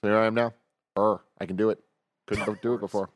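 A laid-back man co-hosts a casual gaming podcast in a low voice. He talks in a relaxed way with plenty of fillers. The sound is dry and close to the mic. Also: fast, dry recording. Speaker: podcast co-host. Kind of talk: casual gaming news chat.

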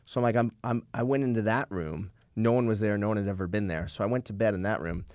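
A man in his thirties telling a wild story in a casual, profane, animated way as a podcast co-host. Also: lowish voice, fast, slight background noise.

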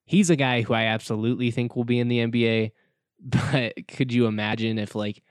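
A man's voice: mid-range voice, steady tone, fairly quick, no echo, clean studio sound. A young man hosting a casual solo sports podcast, chatty and self-joking, laughing often.

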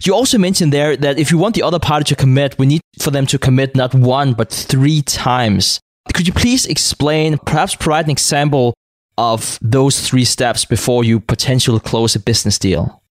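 A man hosting a podcast asks his guest measured, formally worded questions. His voice sits at an ordinary pitch, and the recording is dry, with no room sound. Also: dry recording. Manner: polite, formal phrasing. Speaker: podcast host. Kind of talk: reading prepared interview questions.

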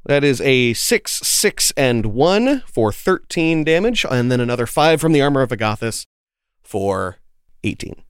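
Lively man playing a tabletop game. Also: medium pitch, a little slow, clean tone, no room sound, studio quality. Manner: animated, swears casually. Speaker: player.

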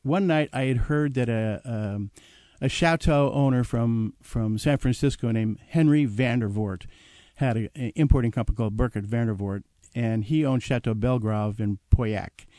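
An older man spins a lively anecdote from his past, slipping into quick acted voices and chuckling as he goes. His voice sits at a middle pitch and sounds dry and close, with no room around it. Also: no room sound. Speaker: guest telling his life story. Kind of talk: casual storytelling.

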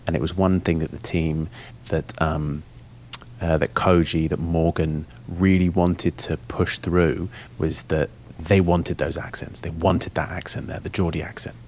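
A man's voice: sits low, little pitch movement, a little slow, a little mellow, a little hiss or hum. A man, a guest on a casual podcast, chatting with enthusiasm and many fillers. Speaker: guest voice actor.

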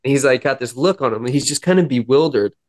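A man's voice: medium pitch, animated, quick pace. A young man, a podcast guest, telling his personal story in an earnest, reflective way and often acting out the dialogue. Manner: earnest, reflective, quoting himself and others in dialogue.

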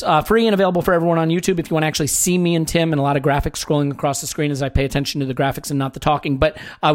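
A man hosting a sports podcast, chatting casually in a wry, joking, rambling way. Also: high-pitched. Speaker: podcast host.

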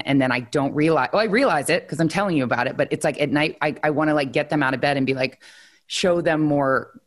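Candid low-voiced woman podcast host. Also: a little fast. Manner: candid, self-doubting, emotional. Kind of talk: casual podcast conversation.

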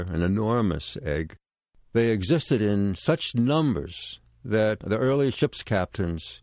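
A man tells history in an interview, earnestly, with a few hesitations. His voice is very low. The sound is dry and close to the mic. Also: darkish tone, no room sound. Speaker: interviewee, kayaker. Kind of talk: interview, casual recollection.

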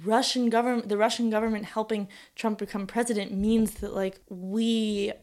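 A young woman in casual conversation, talking things through out loud with lots of fillers and restarts. Her voice sits at an ordinary middle pitch for a woman, easygoing and conversational. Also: level tone, moderate pace. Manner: chatty, thinks aloud with many fillers. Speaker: podcast co-host.

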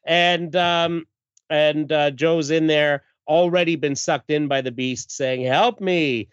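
A man's voice: fairly high pitch, slow, clear, resonant tone, no echo. A man hosting a podcast, casually recapping a comic issue and reading the credits, with plenty of fillers. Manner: relaxed, many fillers, reads credits aloud. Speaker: podcast host. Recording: dull lo-fi dry recording.

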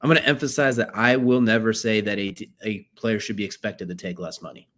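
Low, fast-talking man. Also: fairly even intonation, a bit bright. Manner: conversational, reasoning aloud, uses "like" fillers. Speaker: sports podcast co-host. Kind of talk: casual sports talk.

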